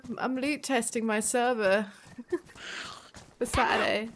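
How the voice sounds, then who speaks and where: A woman's voice: on the high side, steady tone, slow, fairly bright tone. A woman from the English Midlands with a Midlands accent, chatting casually on her live stream, swearing freely and laughing often.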